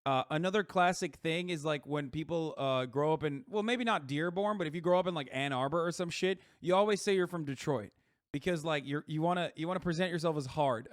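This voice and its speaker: A man on a live stream talks over a video he is watching, his voice a little high and set dry and close with no room sound. He rambles through profane asides and keeps the tone loose and conversational. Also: dry recording. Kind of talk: casual live-stream reaction commentary.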